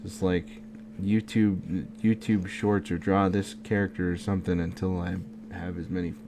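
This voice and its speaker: Drawing at his home setup around midnight, a video creator mutters and rambles in a relaxed chat, yawning and half talking to himself. He speaks in a deep voice at normal speed, over noticeable background noise.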